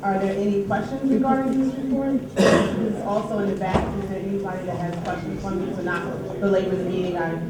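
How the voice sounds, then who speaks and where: A woman's voice: medium pitch, brisk, a loud crowd. New York woman reporting in an echoey hall. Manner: upbeat, animated when announcing. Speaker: union treasurer and committee chair. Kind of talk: meeting report. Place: large meeting hall. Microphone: distant from the recorder. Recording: echoey hall from far off, background noise.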